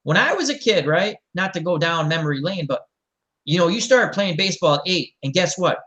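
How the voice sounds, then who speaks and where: Hosting a relaxed conversation, this middle-aged man spins rambling, animated stories, imitating other people's voices along the way. His voice sits high and his delivery is brisk.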